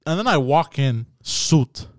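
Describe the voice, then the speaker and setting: A man hosts a casual podcast, laid-back and profane. His voice is smooth and resonant, recorded dry and close with no room sound. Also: on the high side, animated, slow, no echo. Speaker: podcast host. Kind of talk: casual chat.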